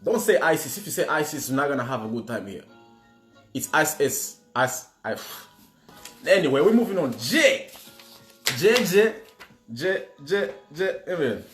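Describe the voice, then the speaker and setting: A man's voice: a little high, very animated, moderate pace, long pauses. A man hosting a livestream trivia game, playful and switching languages while greeting viewers by name. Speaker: quiz host. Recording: roomy with music behind.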